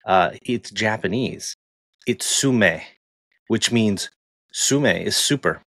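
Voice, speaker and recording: A man co-hosting a casual tech podcast, chatty and animated, laughing easily as he talks. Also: on the low side, takes it slowly, vocal fry, no echo. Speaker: podcast co-host.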